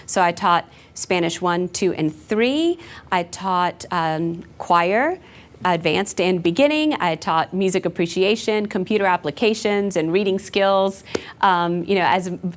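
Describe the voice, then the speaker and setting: A woman's voice: on the low side, moderate pace. A woman in her forties, a school principal, answering interview questions in an earnest, reflective way with frequent fillers. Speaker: new high school principal.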